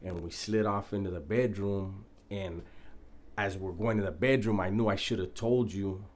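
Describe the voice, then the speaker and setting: A man's voice: on the low side, steady tone, moderate pace. A man telling a prison story in a laid-back, profane, casual way, often breaking into laughter.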